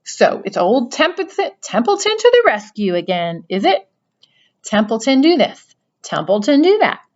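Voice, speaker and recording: A woman's voice: a little high, big pitch swings, moderate pace, a little mellow, lo-fi sound, voice pushed up. A woman reading a storybook aloud, voicing a sarcastic, self-pitying male rat who mocks and complains. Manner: mocking, whiny, complaining.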